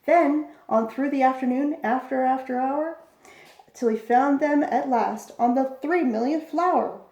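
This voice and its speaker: Lady reading a rhyming bedtime story, a bit gravelly, echoey room. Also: high voice, a little slow, a little mellow, lo-fi sound. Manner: rhythmic rhyming read-aloud. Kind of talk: reading a picture book aloud.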